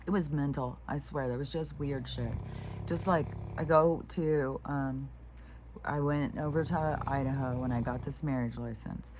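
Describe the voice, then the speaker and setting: A woman's voice: rumbling low, fairly even intonation, unhurried, background noise. Rambling, foul-mouthed woman venting. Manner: meandering, frank and profane, with many restarts. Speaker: vlogger. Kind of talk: rambling casual monologue.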